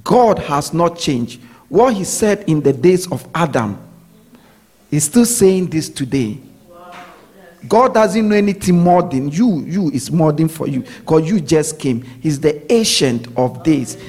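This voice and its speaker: A man's voice: fairly high pitch, expressive, unhurried, a little mellow, husky. A man preaching a sermon, repeating his points and often asking his listeners whether they follow. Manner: repetitive preaching, checks in with listeners.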